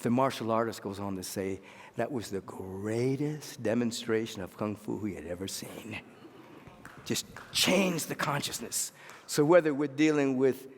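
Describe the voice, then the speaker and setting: A man preaching a sermon as a pastor, telling stories in an animated way and swinging between loud and hushed delivery. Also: mid-range voice, big-room sound.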